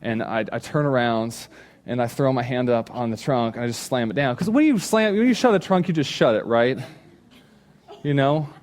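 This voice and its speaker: A man in his thirties, a pastor giving a sermon, telling a funny personal story and acting out his own shouts. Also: medium pitch, lively intonation, normal speed. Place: church stage.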